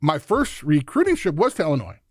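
Man, 50s, from Chicago, interview guest; lively storyteller who voices the other people in his anecdotes, a touch higher pitched. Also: brisk, no room sound, clean studio sound. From Chicago, USA. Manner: animated storyteller who acts out quoted voices, casual swearing. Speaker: podcast guest, former football player.

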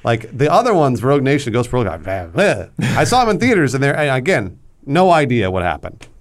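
A man's voice: mid-range voice, sing-song, brisk. A man on a movie podcast, giving his opinions hesitantly with many restarts. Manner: hesitant, full of restarts and fillers. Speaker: podcast co-host. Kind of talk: casual movie chat.

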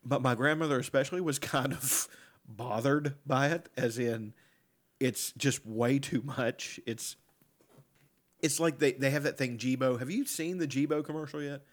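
A man in casual podcast chat, swearing freely, laughing often, and slipping into loud impressions. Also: mid-range voice, moderate pace.

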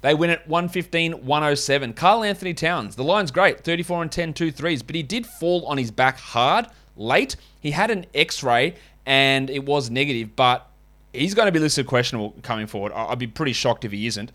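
A man's voice: on the high side, lively intonation, moderate pace, a bit bright. Wry, rambling man. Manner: wry, rambling, self-mocking asides. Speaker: fantasy basketball podcast host. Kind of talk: casual podcast chat and host-read ads.

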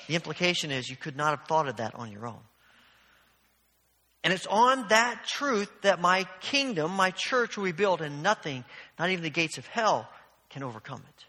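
High-voiced, bright male pastor preaching. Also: animated, normal speed, in a large hall. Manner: earnest, storytelling, with frequent restarts. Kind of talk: sermon.

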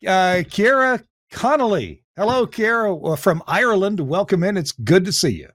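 A man hosting a talk show, speaking haltingly with frequent fillers and restarts and laughing often. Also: high-pitched, lively intonation, a bit bright, no echo, clean studio sound. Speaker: host.

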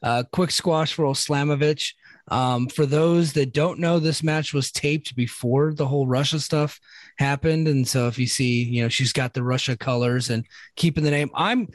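A man talking loosely through a wrestling recap, full of fillers and easy laughs. His voice sits at an ordinary middle pitch. The sound is close and dry, with no room around it. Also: steady tone, moderate pace, no echo. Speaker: podcast co-host recapping wrestling. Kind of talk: casual chat.

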